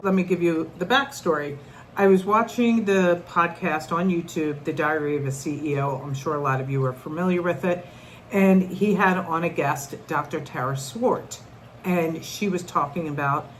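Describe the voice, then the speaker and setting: Earnest woman with a low voice. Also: a little hiss or hum, low-quality recording. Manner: earnest, conversational, with frequent restarts. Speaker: vlogger. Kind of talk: personal storytelling to camera.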